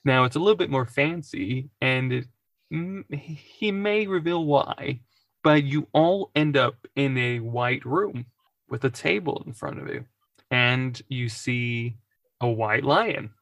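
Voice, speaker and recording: A man's voice: mid-range voice, takes it slowly, fairly bright tone, no echo. A man narrating a tabletop game as game master, rambling and laughing often between lines.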